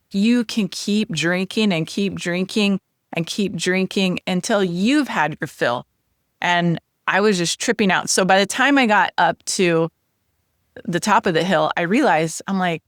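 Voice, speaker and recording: A woman hosting a podcast lesson, sharing a personal testimony in an earnest, animated way. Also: fairly low pitch, no echo, clean studio sound. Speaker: podcast host teaching Hebrew letters.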